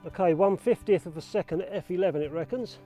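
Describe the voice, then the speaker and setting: A man's voice: high-pitched, fast talker, mellow, soft background music. Breathless chatty man outdoors. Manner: chatty, self-deprecating, swears mildly. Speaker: film photography vlogger. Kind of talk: casual outdoor vlog. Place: outdoors in fields. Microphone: action camera.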